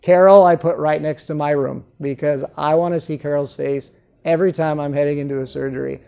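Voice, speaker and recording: A dentist being interviewed, telling patient stories in a casual way and often checking in with "okay?". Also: male voice, fairly high pitch, vocal fry, mellow, clear, resonant tone. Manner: storytelling, keeps adding "okay?". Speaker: dentist guest. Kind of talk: conversational interview.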